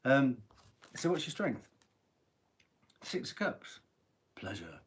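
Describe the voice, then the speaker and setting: Husky chatty man reading tarot. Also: medium pitch, big pitch swings, slow pace. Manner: chatty, rambling, frequent throat clearing and laughs. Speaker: tarot reader.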